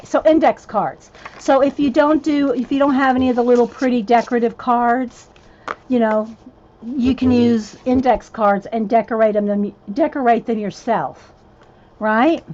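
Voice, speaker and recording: A woman's voice: a little high, a little mellow, dull audio. A woman, chatting casually with live-stream viewers at home, a little out of breath, greeting them by name. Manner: chatty, addresses viewers by name, drawls "y'all". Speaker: host of a craft live stream.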